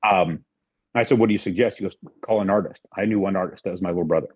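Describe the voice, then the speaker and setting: A middle-aged man talks quickly in a low, husky voice as a podcast guest. He rambles through his story and acts out what each person said. The sound is dry and a little dull. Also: no echo. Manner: rambling, acts out quoted dialogue. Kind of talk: casual storytelling.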